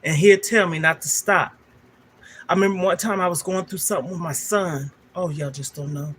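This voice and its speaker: A woman's voice: on the low side, fairly even intonation, fairly quick, fairly bright tone, a little hiss or hum. An older woman, a livestream host telling a candid, emotional personal story straight to her viewers.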